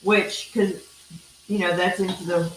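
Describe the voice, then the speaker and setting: A woman's voice: lowish voice, flat delivery, unhurried. A middle-aged woman with a Texan accent hosts a live cooking stream. She talks in a chatty, folksy way and drifts into rambling asides. The room is echoey, with a faint hiss underneath. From Texas. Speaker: cooking show host. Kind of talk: casual live-stream chat while grilling.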